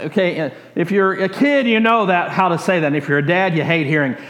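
A male pastor preaching a sermon as a lively story, stringing his sentences together with "and" as the excitement builds. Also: on the high side, normal speed. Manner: animated, builds excitement in long chains of "and". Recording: roomy echo.

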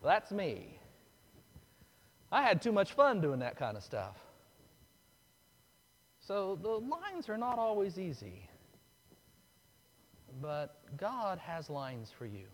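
A man preaching a sermon, telling a story that swings from hushed, slow lines to loud, excited ones. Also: fairly high pitch, slight background noise. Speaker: pastor. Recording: long hall reverb.

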